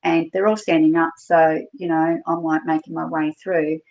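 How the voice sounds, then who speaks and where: A woman's voice: sits low, level tone, moderate pace, creaky, darkish tone. A middle-aged Australian woman, a podcast guest, chattily retelling her experiences with lots of fillers and quoted dialogue. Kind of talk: casual storytelling. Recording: dull lo-fi podcast recording.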